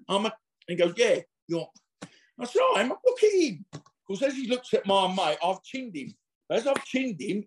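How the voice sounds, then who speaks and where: A middle-aged man, an interview guest telling long, slangy anecdotes full of restarts and acted-out quotes. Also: on the high side. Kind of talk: casual anecdotal storytelling.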